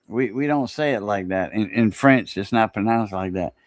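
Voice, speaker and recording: A man's voice: lowish voice, normal speed, no echo. A man with a Cajun accent hosting a casual livestream chat, talking in an easygoing, rambling drawl over a video call. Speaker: livestream host.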